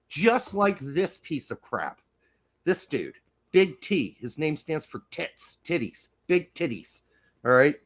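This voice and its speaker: A man from the United States co-hosting a podcast, talking loosely and profanely, joking through casual soccer banter. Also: high voice. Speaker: podcast co-host.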